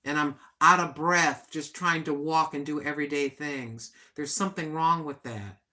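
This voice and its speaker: Older lady vlogging casually, bright forceful voice, a bit low, earnest and chatty. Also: normal speed. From United States. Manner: plain-spoken, chatty and earnest. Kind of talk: casual livestream chat.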